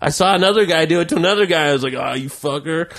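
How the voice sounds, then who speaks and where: A man's voice: high-pitched, very fast, a bit bright, no room sound, studio quality. A man co-hosting a podcast, rambling through a self-deprecating story with fillers and laughs. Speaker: podcast co-host. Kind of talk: casual storytelling.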